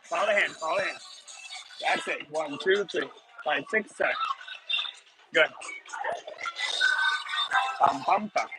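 A man's voice: fairly high pitch, measured pace, pauses often, over loud music, rough recording. A man teaching a live salsa class, counting beats and calling cues in Spanish and English to the dancers. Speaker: salsa instructor.

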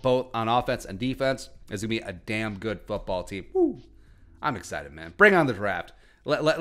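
Animated sarcastic sports podcast host, man. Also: medium pitch. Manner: animated, sarcastic, joking asides. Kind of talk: casual sports commentary.

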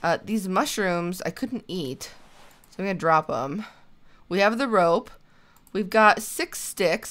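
A woman's voice: on the low side, fairly bright tone. Chatty woman thinking aloud over a survival game. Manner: chatty, thinks aloud, talks to her character. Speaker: gaming channel host. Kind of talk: casual let's-play commentary.

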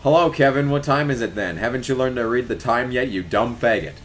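A man's voice: medium pitch, brisk, a little hiss or hum, lightly acted. A man voicing a male talking clock who taunts and sneers. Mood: mocking.

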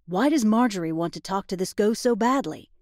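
A woman voicing a calm, cautious boyfriend. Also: mid-range voice, fairly quick, no echo, studio quality, lightly acted. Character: cautious caring young man, a witch's boyfriend.

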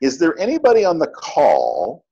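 A man's voice: a little high, normal speed, slightly rough, dull audio. A man giving a motivational sales training talk, telling stories and acting out both sides of each conversation. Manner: animated storyteller, acts out dialogue. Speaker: network marketing trainer.

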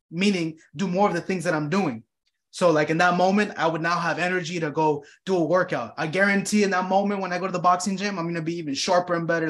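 A man giving a reflective motivational talk, earnest and profane, acting out his own inner dialogue. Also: sits high. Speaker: motivational speaker.

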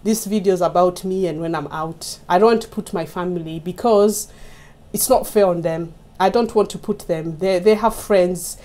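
A woman's voice: fairly low pitch, moderate pace, dark tone. A woman from Kenya talking casually to her viewers in a vlog, chatty and often laughing as she keeps addressing them directly. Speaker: YouTube vlogger. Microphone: mic set up in front of her.

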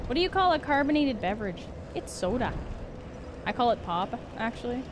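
A woman from Canada streaming a video game live, giggling, chatting with viewers and reacting loudly to the gameplay. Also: fairly high pitch, sing-song, brisk, noisy background.

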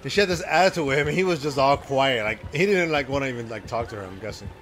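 Talking fast in a mid-range, somewhat bright voice, a man plays a horror game on stream while game music runs underneath. He laughs often, jokes around with playful trash talk and narrates both the game and stories.

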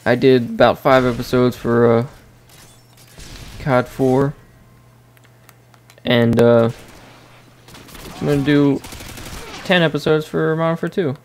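A man's voice: mid-range voice, fairly even intonation, takes it slowly, pauses often, slight background noise. A man hosting a gaming channel, rambling casually while he plays and reacting to the match. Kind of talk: casual gameplay commentary. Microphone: desk microphone.

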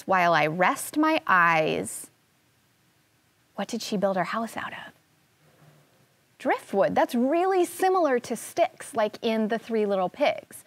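Teacher read-aloud: unhurried, expressive woman, slightly high voice, dry close sound. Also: dry recording. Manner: slow, expressive, asking children questions. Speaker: first grade teacher. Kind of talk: reading a picture book aloud to children.

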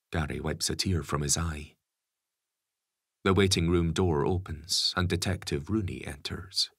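A man narrating an audiobook in a steady, expressive storytelling manner. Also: rumbling low, measured pace, husky, dry recording, studio quality. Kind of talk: scripted narration.

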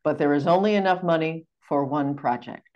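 A low-pitched American woman guides a group through an exercise in a calm, orderly way. She speaks carefully and politely, with a deeper voice for a woman, over a video call microphone. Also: highs cut off. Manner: measured, clear, courteous. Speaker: seminar facilitator. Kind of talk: giving instructions on a video call seminar.

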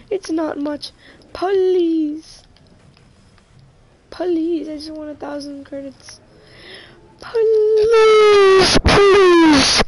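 A woman's voice: extremely high pitch, slight background noise, pitched above the performer's own voice, full character voice. A woman putting on a whiny begging gamer. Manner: pleading, repeating "please" over and over. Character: whiny begging young player, greedy and pushy.

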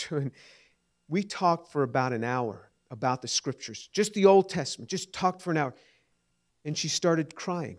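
Earnest man answering audience questions. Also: a little high. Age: 50s. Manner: earnest, repeats and restarts words. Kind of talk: lecture Q&A answer.

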